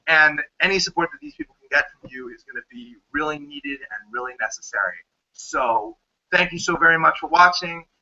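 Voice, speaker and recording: A man's voice: on the high side, lively intonation, a little fast, bright, forceful tone. A man with a New Jersey accent performing spoken word poetry in a punchy, sardonic way, on a dull lo-fi livestream recording. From United States. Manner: punchy, sardonic delivery with profanity. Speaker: poet.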